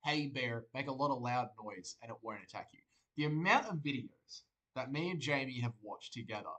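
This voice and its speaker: A man's voice: medium pitch, lively intonation, normal speed, a bit bright, low-quality recording. An Australian man streaming live, joking, rambling and swearing as he reads viewer comments aloud. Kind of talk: casual livestream chat.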